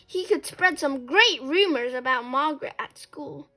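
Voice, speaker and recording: A woman reading a children's story aloud, expressive and lively, acting out sound effects. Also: high voice, a little slow, soft background music.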